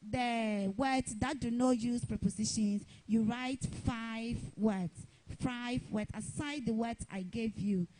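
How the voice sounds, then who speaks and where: A woman giving a televised grammar lesson as a teacher, deliberately repeating each example sentence. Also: fairly high pitch, dark tone, poor audio.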